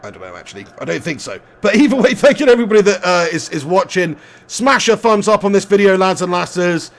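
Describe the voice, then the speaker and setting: A man's voice: high-pitched, big pitch swings, fast talker. A young man, a gaming streamer, chatting casually on a live stream, laughing often and reading out chat messages.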